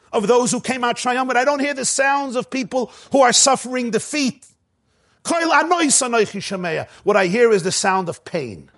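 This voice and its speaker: A man giving a Torah sermon with Ashkenazi Hebrew pronunciation, emphatic and full of rhetorical questions. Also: high voice. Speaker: rabbi.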